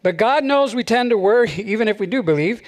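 A high-voiced pastor chuckling through his sermon. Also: animated, a little fast. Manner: conversational, chuckles often between phrases. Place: church service.

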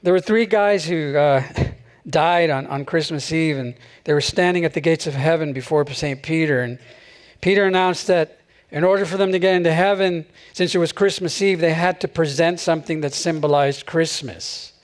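A man with a notably high voice preaches to his congregation. He keeps it light and chatty, with frequent little laughs between phrases. His tone stays friendly and unhurried throughout. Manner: conversational, chuckles often between phrases. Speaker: pastor. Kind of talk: sermon. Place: church service.

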